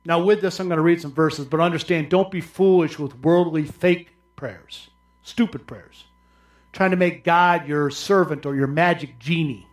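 High-voiced man preaching with fervor. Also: moderate pace, soft background music. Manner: impassioned preaching, swinging from loud high cries to low murmurs. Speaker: pastor. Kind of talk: sermon.

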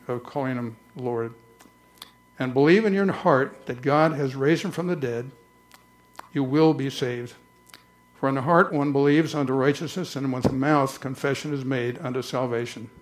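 A man preaching a conversational church sermon, slowing down to read scripture aloud. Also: medium pitch. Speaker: pastor.

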